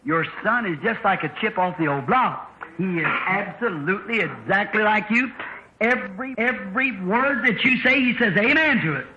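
A preacher with a notably high voice tells a homespun parable from the pulpit and acts out each character's lines. The recording is an old sermon tape that sounds dull and echoey, as if captured in a reverberant church. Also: male voice, expressive, normal speed, noisy background. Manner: folksy storytelling preacher, acting out dialogue with shifting voices.

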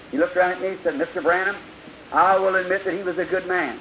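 A man, preaching in an old-time revival sermon, his voice high and thin. He tells a story and acts out each speaker, rising to loud bursts and dropping to hushed lines. The recording is dull and lo-fi, with a steady hiss. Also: fast. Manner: storytelling, acting out dialogue with sudden loud bursts and soft drops.

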